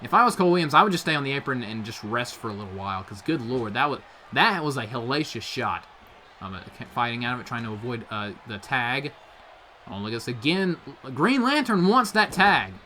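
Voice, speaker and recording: Excitable young man calling wrestling action. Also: mid-range voice, fairly quick, a little hiss or hum. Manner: hyped, frequent "oh" exclamations, rising to shouts at big moves. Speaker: play-by-play commentator for video game wrestling. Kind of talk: excited play-by-play commentary.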